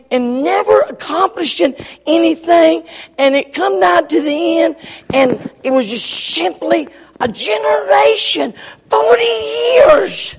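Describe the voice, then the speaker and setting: Preacher, male, unusually high and gravelly voice, slow, impassioned delivery with shouted bursts, reverberant church hall. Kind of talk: sermon. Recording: long reverb of a large hall.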